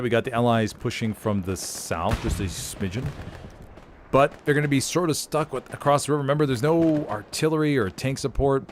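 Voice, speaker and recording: A man casting a live game, chatting casually in rambling, relaxed asides. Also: mid-range voice, a little hiss or hum. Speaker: game caster. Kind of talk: casual chat during live game commentary.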